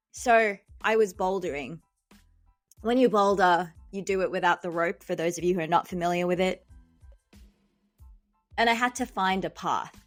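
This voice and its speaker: A young woman who is both a doctor and a podcast host tells a dramatic, comic story in a lowish voice, with no echo. She jokes at her own expense throughout, and faint music plays in the background.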